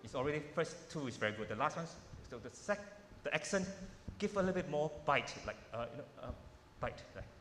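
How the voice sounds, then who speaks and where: A man's voice: on the high side, sing-song, quick pace. Man coaching piano in an echoey hall. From Malaysia. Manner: informal coaching, repeating words, non-native phrasing. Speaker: piano teacher giving a workshop. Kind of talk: masterclass teaching. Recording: roomy hall echo with piano playing.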